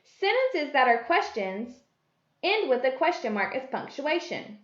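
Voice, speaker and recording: A woman gives a slow, clear grammar lesson to young children, her high voice rising and falling as she reads each example sentence. The recording sounds dull and lo-fi, with an echo from the room around her. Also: sing-song. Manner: deliberate, sing-song reading of example sentences. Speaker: first grade teacher. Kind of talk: slow, clear classroom instruction.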